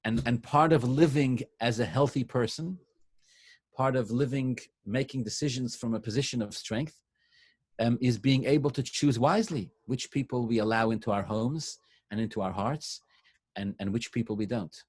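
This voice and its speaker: A man speaking as a rabbi to a synagogue congregation, in a medium, ordinary pitch. He talks loosely and conversationally, with fillers and restarts. He sounds like he is answering a question from the room rather than reading a text. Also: normal speed, a little mellow, husky. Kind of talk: sermon-style Q&A to a congregation.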